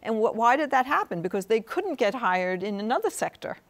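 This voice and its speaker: A woman's voice: fairly high pitch, sing-song, a little fast. A woman professor speaking as a guest in a studio interview. She makes her points earnestly and keeps checking in with the listener by asking "right?".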